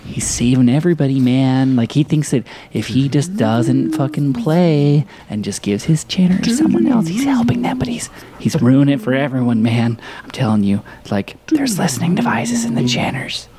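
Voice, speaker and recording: A man's voice: mid-range voice, big pitch swings, normal speed, over a noisy crowd, natural voice. A man voicing a paranoid male conspiracy theorist, rambling urgently in a half-whisper.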